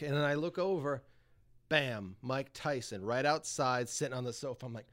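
A man's voice: a little high, moderate pace, clear, resonant tone. A man telling a wild party story as a podcast guest, swearing a lot and laughing often. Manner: profane, animated, laughs often. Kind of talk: casual storytelling.

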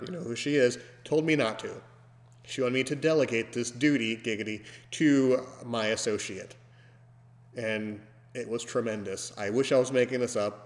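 A man hosting a podcast, telling a story casually and breaking into loud, animated mimicry of screams. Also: medium pitch. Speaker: podcast host. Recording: long hall reverb.

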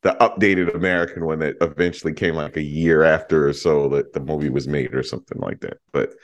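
A man talking casually and excitedly about a favorite movie on a podcast, with some swearing. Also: very deep voice, brisk. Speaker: podcast co-host. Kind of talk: casual film discussion.

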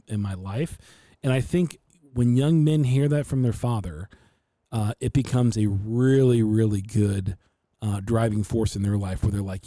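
A man on a podcast, casually telling animated stories and acting out his father's voice. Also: mid-range voice, no room sound, studio quality. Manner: animated storyteller who acts out his dad's voice. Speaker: podcast host. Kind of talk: casual storytelling chat.

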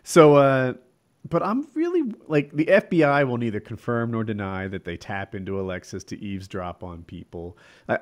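Man, casual group chat, dry rambling delivery, mid-pitched. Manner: dry, rambling storyteller with frequent restarts.

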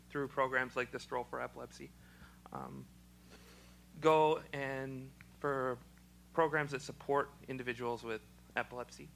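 A young man, speaking haltingly in an interview with a choked, froggy-sounding voice. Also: mid-range voice, creaky, pushed and bright, slight background noise, poor audio. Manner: halting, with many ums and restarts. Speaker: special education teacher. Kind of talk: casual personal testimony.

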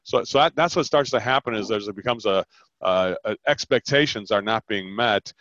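A man coaching on a podcast, animated and quick, often acting out customer lines as he explains sales talks. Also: lowish voice, no room sound, highs cut off. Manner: animated, fast-talking, acts out customer lines.

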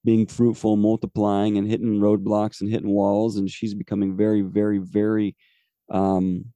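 A man's voice: fairly low pitch, completely flat delivery, normal speed, mellow, no room sound. A man in his forties, a podcast host telling a personal faith testimony in an earnest, rambling way with many fillers. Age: 40s.

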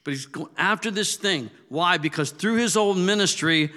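A man's voice: high voice, moderate pace, few pauses, sharp tone. A man preaching a sermon in a casual, conversational way that builds to emphatic, raised peaks. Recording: long hall reverb.

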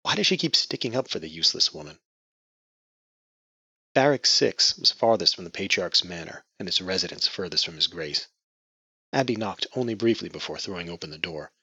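A man narrating a novel in measured, scripted storytelling. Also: low-pitched, lively intonation, bright, forceful tone, husky, no echo. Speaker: audiobook narrator. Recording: muffled lo-fi dry recording.

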